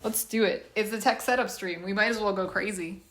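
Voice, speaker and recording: A woman's voice: mid-range voice, fairly even intonation, brisk, a bit bright, slight background noise. Congested woman streaming from a roomy laundry room. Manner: chatty, nervous and self-deprecating. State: congested, coughing and sniffling. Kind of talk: casual live stream chat.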